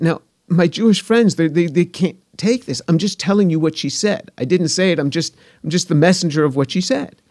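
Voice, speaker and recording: A man in his sixties giving earnest personal testimony as an interview guest, repeating phrases and going soft and hushed when moved. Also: fairly high pitch, brisk, hardly any pauses, dry recording, clean studio sound. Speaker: guest, scientist.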